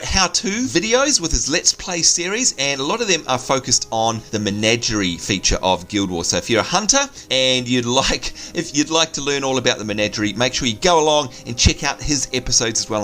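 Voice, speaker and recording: A man's voice: medium pitch, pushed and bright. An Australian man co-hosting a game video, chatting enthusiastically and exclaiming as guests show up. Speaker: co-host of a game channel. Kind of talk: casual gameplay chat.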